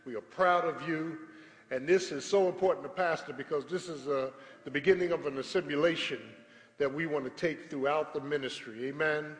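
A man's voice: fairly high pitch, fairly even intonation, a little fast. A pastor addressing his congregation in a service, exhorting with call-and-response. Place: large church sanctuary. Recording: echoey church hall with congregation.

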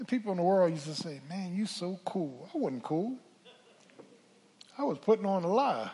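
An older man preaching a sermon from the pulpit, calling for a witness and swinging from hushed asides to shouts. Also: high voice, expressive, a little slow, slightly rough. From Philadelphia. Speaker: pastor. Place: church sanctuary. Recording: church hall reverb.

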